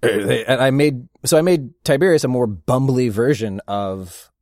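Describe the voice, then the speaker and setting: A middle-aged man, a voice actor, chatting casually as an interview guest and telling rambling, animated stories with frequent laughs. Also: medium pitch, normal speed, no room sound, studio quality. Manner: rambling, animated storyteller who laughs often. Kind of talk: casual anecdotal chat.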